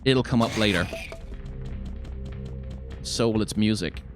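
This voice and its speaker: A man's voice: fairly low pitch, slow pace. A man giving casual gameplay commentary as a let's play host, thinking aloud and swearing now and then. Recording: game music playing loudly underneath. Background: game music.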